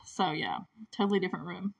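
The movie reviewer's mid-range voice is gravelly and husky, and she talks at a normal speed. She giggles and chats through a casual plot recap full of "like," and her voice sounds slightly removed from the microphone.

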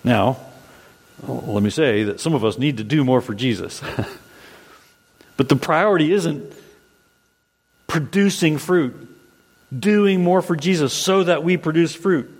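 A man's voice: a little high, slow pace, pauses often, breathy edge. A male pastor preaching a Sunday sermon in an earnest, repetitive preaching cadence. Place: church sanctuary. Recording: long hall reverb.

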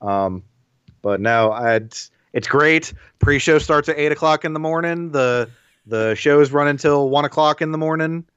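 A man co-hosting a casual wrestling podcast, relaxed and agreeable. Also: on the high side, normal speed, clean tone, no room sound, highs cut off. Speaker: podcast co-host.

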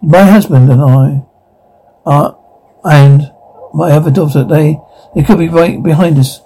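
A woman's voice: low voice, a little slow, warm tone, husky, poor audio. An actress playing a frightened mother in a TV drama, pleading urgently with a stranger and stumbling over her words. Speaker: mother in a crisis. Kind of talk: television drama acting.

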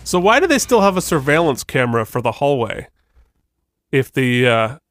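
A man's voice: medium pitch, big pitch swings, normal speed, fairly bright tone, slight background noise. A man co-hosting a casual rewatch podcast, joking and sarcastic, swearing freely. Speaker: podcast co-host.

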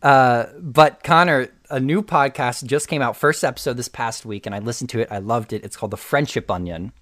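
A young man rambles through a relaxed podcast chat, often restarting his sentences. His voice sits in an ordinary middle register and is recorded dry and close, with no room sound around it. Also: medium pitch, fairly quick, no echo. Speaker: podcast co-host. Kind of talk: casual chat.

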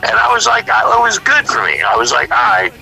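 A middle-aged male musician talking casually in an interview, animated and blunt, acting out what others said. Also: sits high, fast talker, gravelly, faint music behind, poor audio. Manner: animated storyteller, acts out quotes, swears freely. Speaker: musician guest.

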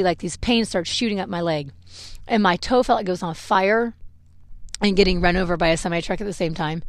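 A woman's voice: medium pitch, dry recording. Candid woman telling a personal story. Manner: candid, rambling, self-reflective, with acted-out quotes. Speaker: podcast host.

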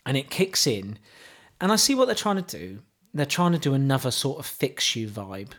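A man's voice: mid-range voice, big pitch swings, normal speed, fairly bright tone. A man co-hosting a casual chat podcast, mocking and laughing often as he picks apart songs. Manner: mocking, laughs often, reads lyrics aloud with scorn. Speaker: podcast co-host.

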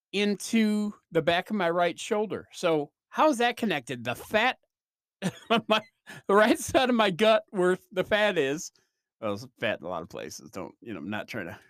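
A man's voice: sits high, fairly bright tone, dry recording, clean studio sound. A man hosting his own podcast, telling rambling, self-deprecating stories in a casual solo chat with lots of fillers. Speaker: podcast host.

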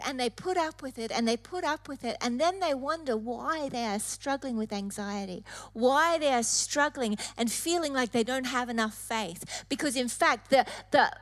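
A woman's voice: high voice, a bit bright. A woman preacher delivering an emphatic sermon, stressing points through repetition. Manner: emphatic, repeating phrases for effect.

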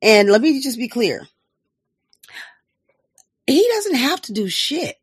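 A woman's voice: on the high side, very animated, takes it slowly, slightly rough, dry recording, studio quality. A woman hosting a podcast, giving casual political commentary in a profane, laughing, mocking way. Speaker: podcast host.

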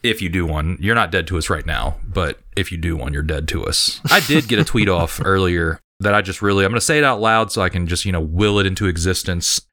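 Deep voiced podcast guy reading listener questions, jokey, laughs a lot, bright tone. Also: animated, brisk, hardly any pauses, dry recording, clean studio sound. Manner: joking, laughs easily, swears. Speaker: podcast host. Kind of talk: casual chat.

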